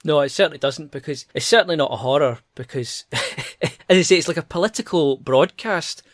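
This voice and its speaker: Blunt, laughing man with a higher voice. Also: a little fast, dry recording, clean studio sound. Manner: blunt, dismissive, laughs often. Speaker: podcast co-host, film reviewer. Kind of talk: casual review chat.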